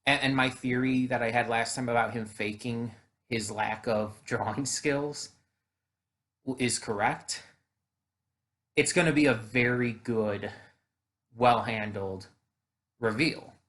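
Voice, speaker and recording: Male YouTube reactor, casual chat, filler-heavy and rambling, ordinary middle pitch. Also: fairly even intonation, slow pace, long pauses, a bit bright. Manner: chatty, rambling, frequent fillers and restarts.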